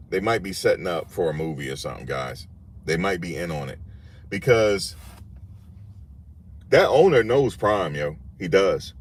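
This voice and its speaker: Deep-voiced man in emphatic casual commentary. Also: slight background noise. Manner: emphatic, repeats himself, slangy and animated. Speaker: sports commentary channel host.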